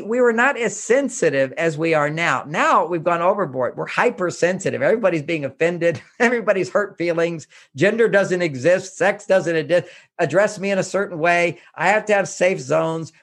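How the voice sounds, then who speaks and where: An older author from Houston, Texas, with a high voice, appears as an interview guest. He gives earnest, emphatic self-help advice and keeps repeating his points.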